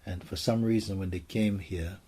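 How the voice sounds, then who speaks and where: A man, a spiritual teacher, gently telling stories and answering questions for a gathering in a soft, hushed way. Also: sits low, fairly even intonation, moderate pace, slightly rough. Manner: soft-spoken, gentle storytelling, often drops to a hush.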